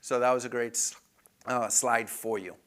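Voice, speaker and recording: A man's voice: medium pitch, fairly even intonation, normal speed, fairly bright tone. A man presenting club finances to members in a conversational way, often saying "if you will".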